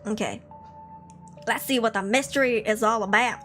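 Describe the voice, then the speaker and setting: A woman's voice: a little high, moderate pace, fairly bright tone. A woman hosting a livestream, chatting casually in a bubbly, giggly, slangy way while she sets up horror story reading. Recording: horror background music under the voice. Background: background music.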